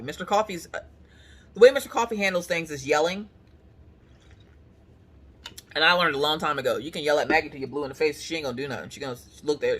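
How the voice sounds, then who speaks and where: A woman chats casually to the camera. She tells stories with plenty of animation and acts out the people she quotes. Her pitch swings widely from high to low. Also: breathy edge. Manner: animated storytelling with voiced quotes. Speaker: craft vlogger. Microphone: camera on the couch.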